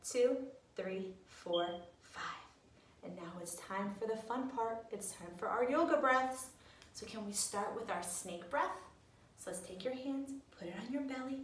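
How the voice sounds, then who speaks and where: Sing-song teacher, echoey room. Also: female voice, medium pitch. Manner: gentle, sing-song, encouraging. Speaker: preschool teacher. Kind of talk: guiding children through breathing exercises. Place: room at home. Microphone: camera at a distance. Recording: echoey room, mic far off.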